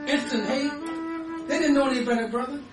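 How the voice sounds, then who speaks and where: A man giving a live poetry reading, rhythmic and building into sudden high screams. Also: a little fast. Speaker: poet. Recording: echoey, distant, loud music behind.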